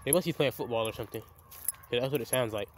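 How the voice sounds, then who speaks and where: A young man films a casual outdoor vlog beside a creek on a handheld phone, talking fast in a mid-range voice with a slight hiss or hum in the audio. He rambles and stammers, often restarting his sentences.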